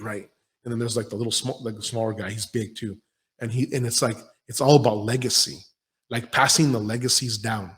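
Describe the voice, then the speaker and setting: A man in his forties hosting a podcast, talking in a blunt, profane, rambling and intense way in a casual motivational monologue. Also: medium pitch. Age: 40s. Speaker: podcast host and gym owner.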